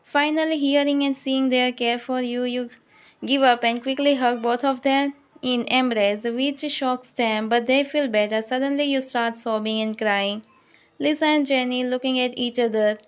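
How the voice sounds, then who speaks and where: A woman reads a fanfiction story aloud, addressing the listener as the heroine. Her voice is slightly high and she reads plainly and evenly, pausing now and then. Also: fairly even intonation, smooth. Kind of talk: second-person fanfiction narration.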